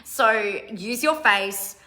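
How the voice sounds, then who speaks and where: A woman's voice: a little high, slow, sharp tone. A middle-aged woman coaching online followers in a casual talk, chatty and self-mocking, laughing often and breaking off mid-sentence.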